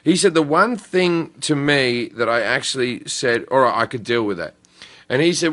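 A talk show host, telling loose, profane stories in casual chat. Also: male voice, medium pitch, normal speed. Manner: loose, profane, animated storytelling.

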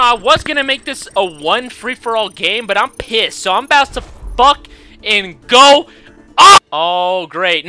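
A young man with a very high, sharp, piercing voice rages through an online match, swearing and shouting at the other players. His voice cracks from yelling. A little music plays faintly behind him. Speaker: gaming YouTuber. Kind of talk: angry live gameplay commentary.

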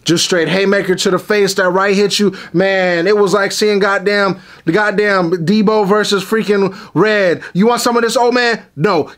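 A man with a strikingly high voice for his sex tears into his subjects in a comedic rant. He swears freely and piles up exaggerations. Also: fairly bright tone. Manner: profane, exaggerated ranting. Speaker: comedy vlogger.

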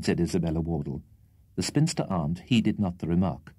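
Deep, husky male storyteller. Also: a little fast, no room sound. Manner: expressive, theatrical. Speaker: audiobook reader. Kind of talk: scripted storybook narration.

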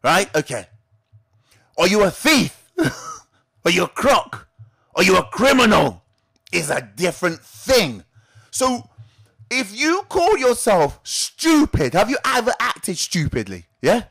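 A man with a high voice that swoops up and down as he teaches. He hosts a weekly trading tip and keeps the talk moving with rhetorical questions that he answers himself. His delivery is lively and animated. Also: slow, gravelly, pauses often, breathy edge. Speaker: trading educator and show host. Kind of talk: direct-to-camera teaching talk.

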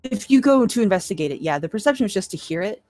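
A woman's voice: medium pitch, expressive, fast talker, darkish tone, no echo, soft background music. A woman narrating as dungeon master in a tabletop game, describing scenes in a laid-back way and laughing often.

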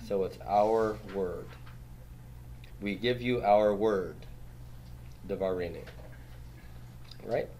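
Lower-voiced man teaching a class. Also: darkish tone, a little hiss or hum. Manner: quizzes students, tags statements with "right?"; patient, steps through rules on a board. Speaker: Hebrew grammar teacher. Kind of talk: classroom lecture.

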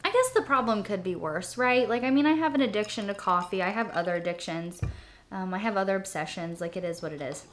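A woman's voice: medium pitch, lively intonation, a little fast. A young woman talks straight to camera from her she shed in a loose, rambling way. She fills her speech with ums and restarts as she chats along casually. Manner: chatty, rambling, many fillers and restarts. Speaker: vlogger.

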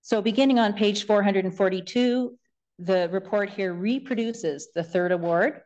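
A woman lawyer making a formal closing submission in court, reading passages aloud from documents in a measured way. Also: medium pitch, a little mellow. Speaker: government lawyer.

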